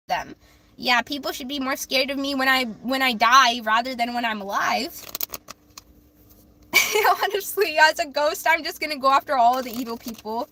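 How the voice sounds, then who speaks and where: A woman's voice: sits high, bright, forceful tone. A young woman reading tarot on a livestream, chatting casually through comments and stumbling over words. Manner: rambling, self-deprecating, stumbles over words.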